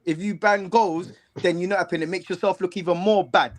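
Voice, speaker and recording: Lively high-voiced man. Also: brisk. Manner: animated, heavy slang, repeats himself. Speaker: co-host. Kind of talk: casual football chat.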